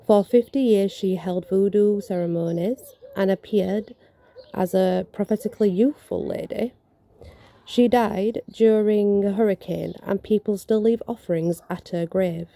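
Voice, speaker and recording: A woman with a very bright, sharp voice reads ghost stories aloud outdoors. She trips over words, corrects herself and adds casual asides between the tales. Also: mid-range voice, vocal fry. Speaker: vlogger reading ghost stories.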